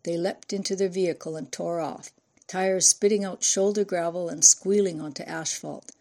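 A woman reading a novel aloud as an audiobook narrator, in a measured storytelling manner. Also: on the low side, steady tone, a little mellow. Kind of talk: scripted narration.

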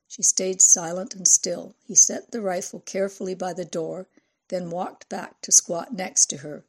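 A woman reads a novel aloud in an even, steady storytelling manner. Her voice is fairly low and has a husky, breathy grain. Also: normal speed. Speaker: audiobook narrator. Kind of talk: scripted narration.

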